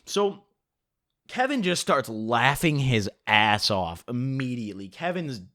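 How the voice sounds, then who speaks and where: A man's voice: medium pitch, sing-song, slow pace, bright, forceful tone, no echo, clean studio sound. A young man telling a profane, joking story in a casual vlog. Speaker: vlogger.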